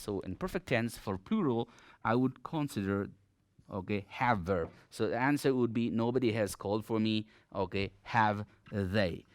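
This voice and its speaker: A man's voice: medium pitch, dry recording, studio quality. A man teaching a grammar lesson in Nepali-accented English, explaining step by step and often saying "okay" as he stresses key words.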